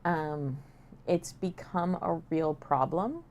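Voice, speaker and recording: A woman's voice: sits low, slow, darkish tone, slight background noise. A woman co-hosting a casual talk show, talkative and joking, with frequent fillers. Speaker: podcast co-host. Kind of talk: casual chat.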